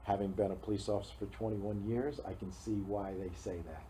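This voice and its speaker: Male interview guest, ex-cop, mellow lowish voice, halting delivery, faint hiss. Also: fairly even intonation, poor audio. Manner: hesitant, many fillers and restarts. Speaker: guest, former police officer. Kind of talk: casual interview chat. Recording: faint noise, local TV studio.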